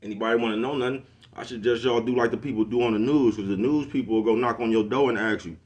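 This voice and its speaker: A man's voice: medium pitch, fairly even intonation, quick pace, darkish tone. A middle-aged man ranting casually to the camera, laid-back and slangy, always asking if you know what he's talking about. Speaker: vlogger hosting his own show.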